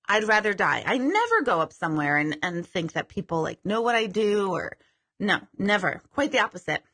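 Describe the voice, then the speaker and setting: Chatty bright-voiced woman. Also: mid-range voice, very animated, moderate pace. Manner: chatty, self-deprecating, swears casually. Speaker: psychic medium host of a live stream. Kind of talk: casual live-stream chat.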